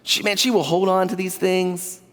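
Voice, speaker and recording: A man's voice: high-pitched, flat delivery, moderate pace, a bit bright, big-room sound. A man preaching a sermon as pastor, earnest and conversational with asides to the congregation. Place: church sanctuary.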